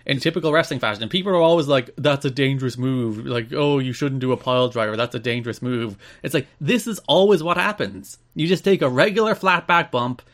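Speaking fairly quickly with hardly any pauses, this Irish podcast co-host has a mid-range, slightly bright voice. He reads news items aloud and riffs on them in a dry, casual, humorous way.

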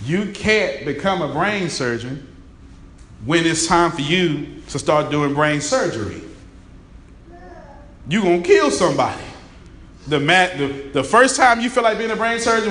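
A raspy-voiced man giving an interactive seminar talk, emphatic, repeating key phrases and quizzing his live audience. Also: a little high, fairly bright tone, a little hiss or hum. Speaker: motivational speaker. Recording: echoey room, faint ambience.

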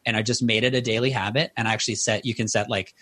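A man's voice: fairly low pitch, little pitch movement, racing, fairly bright tone, dry recording. A man in his thirties, a guest author in an interview, telling personal stories in an earnest, conversational way.

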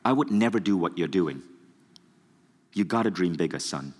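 Stern older author, slow and disapproving, deep and heavy , a man doing the impression, echoey hall. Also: animated. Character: stern older male famous author, scowling, intense.

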